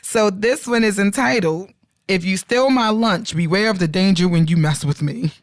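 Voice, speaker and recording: A woman's voice: mid-range voice, normal speed, no room sound, clean studio sound. A woman co-hosting a podcast, reading internet stories aloud in a casual, playful way with slangy asides and frequent laughter. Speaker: podcast co-host.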